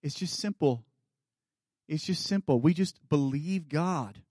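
Male guest preacher, 30s, earnest sermon delivery, a bit high in pitch, dry close-miked sound. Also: measured pace, no room sound. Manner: earnest preaching, dropping to soft quiet asides. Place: church sanctuary.

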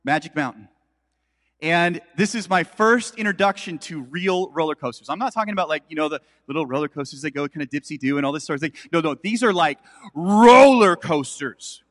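A male pastor delivers a sermon in a casual, storytelling manner. His voice sits high for a man. The recording carries the long reverb of a large hall. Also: animated, a little fast, a bit bright. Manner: storytelling, conversational with asides to congregation.

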